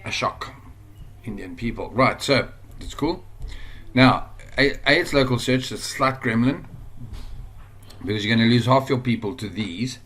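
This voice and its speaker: A man with a South African accent talks through an online business lesson while sharing his screen. He thinks aloud and rambles, then gets suddenly excited. His voice sits at an ordinary middle pitch. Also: unhurried, pauses often, slightly rough. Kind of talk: casual screen-share tutorial.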